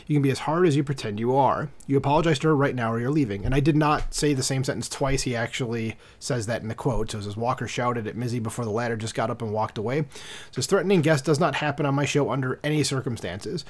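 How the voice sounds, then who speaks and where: A man's voice: medium pitch, fast. A man hosting a commentary channel, reading an article aloud and breaking in with casual, irritated asides full of fillers. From United States.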